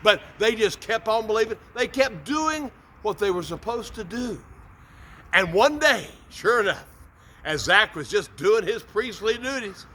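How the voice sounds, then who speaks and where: A man's voice: high-pitched, sharp tone, a little hiss or hum. A man hosting a short morning devotional talk, upbeat and folksy, often repeating words as he goes. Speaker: preacher, motivational host.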